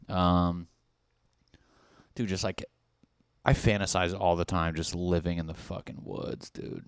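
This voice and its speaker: A man's voice: deep voice, fairly even intonation, measured pace, long pauses, clean tone, no room sound, clean studio sound. A young man hosting his own podcast, rambling and riffing with plenty of swearing and acted-out bits of dialogue. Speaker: podcast host. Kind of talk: solo podcast rant.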